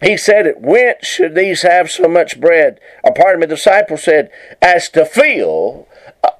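A man's voice: high-pitched, rough recording. A man preaching a sermon, reading scripture fervently and repeatedly urging listeners to "watch now.". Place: broadcast sermon.

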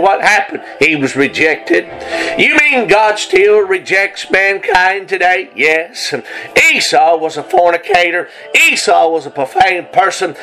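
Impassioned high-voiced preacher. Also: male voice, bright, forceful tone, poor audio. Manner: impassioned, swinging between urgent and slow. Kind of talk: fiery revival sermon.

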